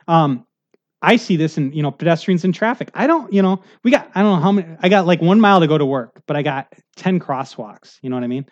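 A man preaching a conversational sermon, rambling and animated, full of asides and restarts. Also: on the high side, fast. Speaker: pastor. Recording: muffled lo-fi recording.

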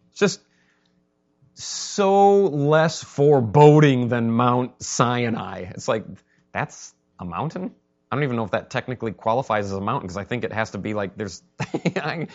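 A man who is a pastor, preaching a conversational sermon and acting out quotes with lively energy. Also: mid-range voice, lo-fi sound.

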